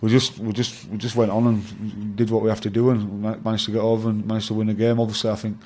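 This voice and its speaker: A man's voice: fairly low pitch, level tone, quick pace, darkish tone. A young man with an English accent, a rugby league player chatting as the interview guest, rambling with frequent fillers and swearing, calling people mate. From England. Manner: rambling, laughs often, swears, says mate. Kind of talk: casual interview chat.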